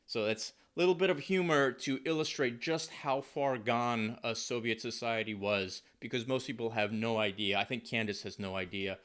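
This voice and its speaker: A man's voice: medium pitch, steady tone, normal speed, few pauses, a bit bright, clean tone. An American man giving casual spoken commentary to camera, talking loosely with emphatic repeats. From United States. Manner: conversational, frequent fillers and restarts, emphatic repetition. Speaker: political commentary vlogger.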